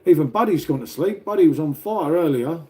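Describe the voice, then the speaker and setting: Rambling older English man, mellow voice. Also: a little high, expressive, a little fast, a little hiss or hum. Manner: rambling and swears freely, calls everyone mate. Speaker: livestreamer. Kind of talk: casual livestream chat with viewers. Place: at home, making coffee.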